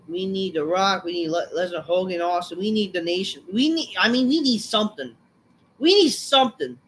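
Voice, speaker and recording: A woman hosting a wrestling review, ranting angrily with constant swearing and bursts of shouting. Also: medium pitch, a little hiss or hum. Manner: angry, swearing, repeating insults.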